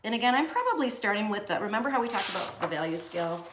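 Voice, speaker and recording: A woman's voice: medium pitch, very animated, racing. A young woman teaching a casual drawing lesson, chatty and joking with herself as she shades. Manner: chatty, jokey, talks to herself while drawing. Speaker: art teacher. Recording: echoey room.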